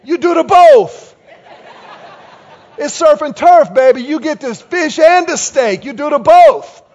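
Preacher putting on a big brassy cajun waitress voice, loud and laughing, all darlings, kinda dull lo-fi sound. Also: male voice, extremely high pitch, measured pace, pitched above the performer's own voice. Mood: jolly, insistent.

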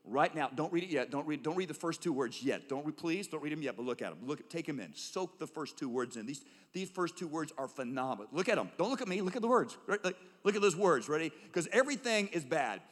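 A man preaching a sermon as a pastor, swinging between loud emphatic calls and hushed, low tones. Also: animated, fast, hardly any pauses. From United States. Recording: long reverb of a large hall.

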